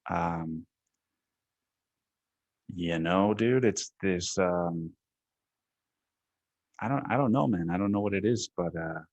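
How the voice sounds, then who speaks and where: Man, solo podcast host, low voice, dry close sound, rambling and swearing. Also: takes it slowly, pauses often, darkish tone, no room sound. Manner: rambling and profane, with many fillers. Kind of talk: casual solo podcast monologue.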